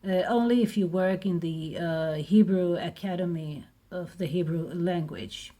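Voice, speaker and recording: Slow, patient woman with an Israeli accent. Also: on the low side, dark tone. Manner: patient, repeats words slowly. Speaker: Hebrew teacher. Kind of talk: slow spoken lesson.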